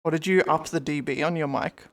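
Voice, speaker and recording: A young woman chats casually on a live stream through a headset mic, rambling and greeting viewers by name. Her voice is low and brisk.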